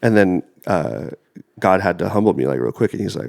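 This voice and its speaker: A man's voice: sits low, lively intonation, fast, vocal fry, darkish tone. A young man in his twenties with a cold that leaves him congested, chatting casually and rambling as a podcast co-host. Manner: rambling, filler-heavy. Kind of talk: casual chat.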